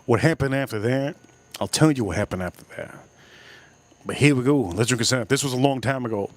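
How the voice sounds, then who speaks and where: A man's voice: mid-range voice, brisk, no room sound. A man hosting a casual livestream, telling a crude story with lots of repetition. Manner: crude, rambling, repeats himself for effect. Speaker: livestream host.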